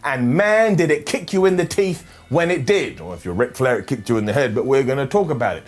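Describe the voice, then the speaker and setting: A man hosting a wrestling review video, talking in an energetic, sarcastic and jokey way. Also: mid-range voice, brisk. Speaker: wrestling show reviewer and host.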